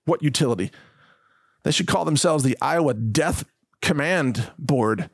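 A male host rants with emphatic indignation and mockery in a voice that sits fairly high. The sound is close and dry, with no room around it. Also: animated, unhurried, vocal fry, husky, no room sound. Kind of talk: ranting monologue.

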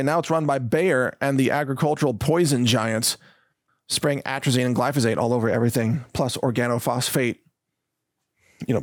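A man's voice: medium pitch, no room sound. Indignant man ranting on a dry mic. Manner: emphatic, indignant, mocking. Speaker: host. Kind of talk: ranting monologue.

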